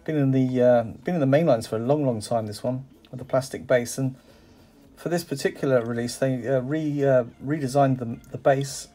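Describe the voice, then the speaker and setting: A man's voice: medium pitch, normal speed, mellow. Enthusiastic man unboxing toy cars. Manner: enthusiastic and exclamatory, with many fillers. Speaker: toy car collector reviewing a parcel. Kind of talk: casual unboxing chat.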